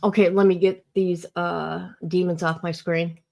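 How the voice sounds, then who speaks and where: A woman talks to her livestream audience in a casual, drawn-out way, her pace slow and deliberate. She gets heated as she rants, calling people out, and stops now and then to greet viewers by name. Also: lowish voice, flat delivery, gravelly, darkish tone. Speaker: livestream host.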